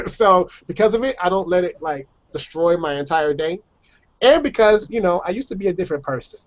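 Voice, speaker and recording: Brief: fairly high-pitched male guest, chatty storyteller who laughs a lot, muffled video call sound. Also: animated, moderate pace. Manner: chatty, laughs often, acts out voices of others. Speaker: guest telling personal stories. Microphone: video call microphone.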